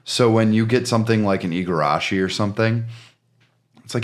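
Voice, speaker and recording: A man's voice: on the low side, a little fast. A man co-hosting a podcast, joking around and cursing freely in casual chat. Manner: joking, profane. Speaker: podcast co-host.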